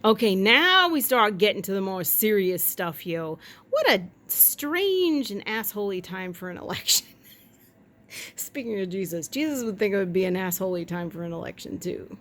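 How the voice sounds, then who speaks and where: Woman vlogger, rambling, jokey, quick asides, silly voices, at home. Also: medium pitch, sing-song, fairly bright tone. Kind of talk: casual chat.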